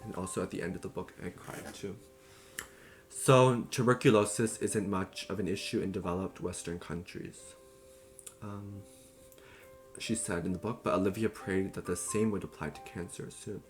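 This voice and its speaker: A man's voice: deep voice, steady tone, normal speed. A young man giving a casual book summary, chatty and loose, with fillers and self-corrections. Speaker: book reviewer. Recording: clear music playing behind.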